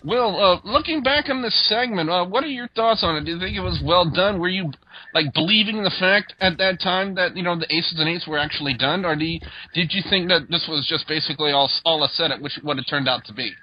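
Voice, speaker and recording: A man hosts a laid-back wrestling review, recapping events in a rambling way full of fillers. His voice sits a bit high, and the podcast audio is dull and lo-fi. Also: a little fast, slight background noise. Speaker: host. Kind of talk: casual wrestling review chat.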